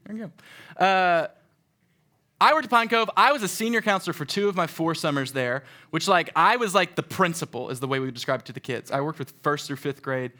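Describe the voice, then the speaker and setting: A young man giving a sermon to a live audience in a room, talking in a casual, animated way and acting out stories. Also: a little high, a little fast. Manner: animated, conversational, acts out stories. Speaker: youth speaker.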